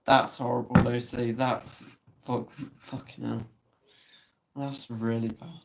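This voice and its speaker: Guy on a live stream, chatty, teasing, swears a lot, mid-pitched voice. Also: level tone, slow pace, vocal fry, slight background noise, rough recording. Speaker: livestream host. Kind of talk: casual live chat reading comments.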